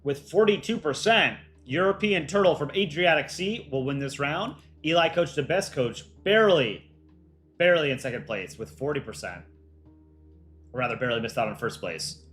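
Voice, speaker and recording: Guy hosting a stream, reading entries and cracking small jokes, quiet music and typing behind. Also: on the high side, lively intonation, moderate pace. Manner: chatty, reads out entries and reacts with light jokes. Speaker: livestream host judging fan art. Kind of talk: casual livestream commentary.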